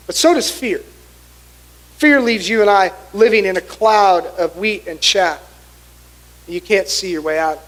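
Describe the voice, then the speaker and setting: Brief: middle-aged male pastor, high voice, animated storytelling sermon. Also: measured pace, long pauses, poor audio. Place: church sanctuary.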